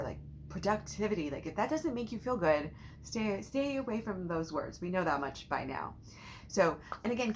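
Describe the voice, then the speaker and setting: A woman's voice: on the low side, a little hiss or hum. A woman coaching listeners through a visualization exercise, talking casually with many fillers and restarts. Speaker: mindset coach. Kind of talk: casual guided teaching talk.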